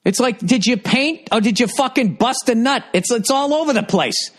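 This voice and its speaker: A middle-aged man with a high voice, hosting a podcast alone. He reads listener comments aloud and answers them in a heated, sarcastic, profane rant. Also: animated, moderate pace. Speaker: podcast host. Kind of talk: ranting monologue.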